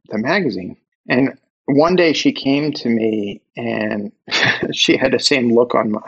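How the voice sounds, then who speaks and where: Gravelly, husky man telling stories. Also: medium pitch, dull audio. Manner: emotional, animated retelling of conversations. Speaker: interview guest, author. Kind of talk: reflective storytelling.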